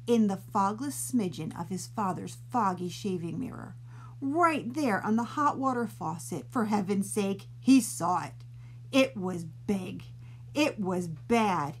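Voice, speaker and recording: A woman librarian reads a silly bedtime story to children, playful and expressive, drawing out her words. Her pitch rises and falls with lively animation, and she reads at a slow, deliberate pace. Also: husky.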